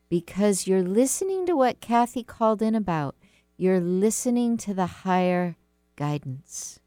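A woman in her fifties hosts a talk radio advice show, speaking slowly and gently in a low, smooth voice. She sounds earnest as she acts out the inner voices she describes. The sound is dry and close, with faint music behind her. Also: no echo. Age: 50s. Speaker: radio show host and life coach.

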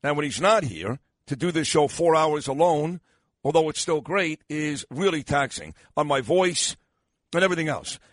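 Tired older New radio host. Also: male voice, on the high side, lively intonation, moderate pace, no room sound. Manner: rambling, self-mocking banter with frequent fillers. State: tired and losing his voice. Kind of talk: morning radio talk. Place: radio studio.

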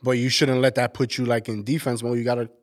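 Laid-back male co-host, mid-range voice, thinks out loud. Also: medium pitch, flat delivery, fast. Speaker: podcast co-host. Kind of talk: casual chat.

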